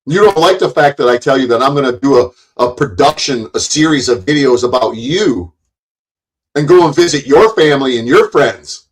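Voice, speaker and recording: A man's voice: mid-range voice, lively intonation, moderate pace, rough recording. A middle-aged man delivering an angry, profane rant to the camera as a YouTube commentator, taunting his targets, swearing heavily and stumbling over repeated words. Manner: confrontational, taunting, swears heavily, stammers on restarts.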